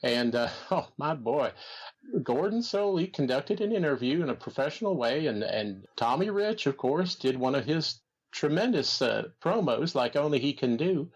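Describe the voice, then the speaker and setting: A man's voice: medium pitch, expressive, husky. A man doing a drawling old gossip promoter. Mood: gossipy. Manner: slow, drawling, fond exclamations. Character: old gossip-loving male wrestling promoter, fussy. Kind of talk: comedy podcast impression.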